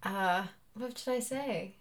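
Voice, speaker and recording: A woman's voice: mid-range voice, slow pace. A young woman co-hosting a podcast in casual chat, easily amused and laughing. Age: young adult. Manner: giggly, easily amused, animated. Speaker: podcast co-host.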